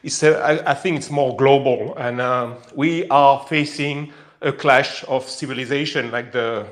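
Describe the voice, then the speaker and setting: A man's voice: medium pitch, fairly even intonation. Emotional French man on a voice chat. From France. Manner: emotional, halting with many fillers and restarts. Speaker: caller. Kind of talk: live audio chat. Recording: online voice chat.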